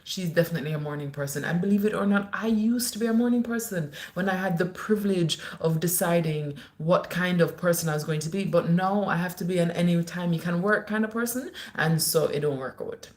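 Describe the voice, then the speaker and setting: A woman talks into her phone late at night during a casual livestream. Her voice sits a little low for a woman, but she playfully jumps up high and then drops into low, dry asides as she reads comments. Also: brisk, hardly any pauses. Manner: animated, teasing, laughs often, swings between high playful and low asides. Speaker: livestream host. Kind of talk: casual live-stream chat reading comments.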